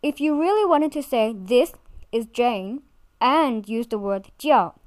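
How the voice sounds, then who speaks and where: A woman teaching in a clear, careful voice, slowing down to model each word as she explains it. Her voice sits a little high and sounds close and dry, with no room around it. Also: darkish tone, dry recording. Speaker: language teacher. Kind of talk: scripted instructional narration.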